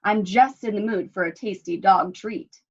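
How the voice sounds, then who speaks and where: A woman's voice: mid-range voice, normal speed, breathy edge. A woman voicing a sly, hungry male wolf with oily, falsely sweet charm, in a dull lo-fi recording. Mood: sly menace.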